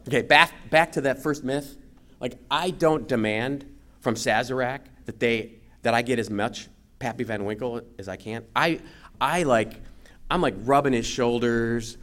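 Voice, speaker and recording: A man giving a lively luncheon talk as guest speaker, telling a story and acting out the quotes. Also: medium pitch, unhurried. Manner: animated storyteller, acts out quotes.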